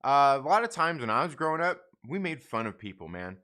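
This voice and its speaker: Brisk and sing-song, a middle-aged man with a medium-pitched, sharp-toned voice hosts a casual comic book livestream. He speaks bluntly and with profanity, rambling and frequently starting over.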